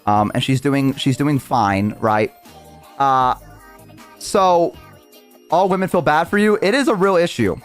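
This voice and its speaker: A man's voice: on the high side, measured pace, pauses often, faint music behind. A young man streamer telling a story casually, rambling and swearing with lots of restarts.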